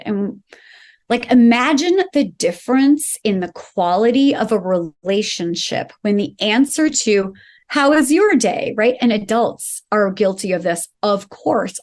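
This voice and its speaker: A woman's voice: medium pitch, darkish tone. Earnest woman explaining parenting tips. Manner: earnest, acts out example phrases to a child. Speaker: psychologist guest. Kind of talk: conversational explanation with examples.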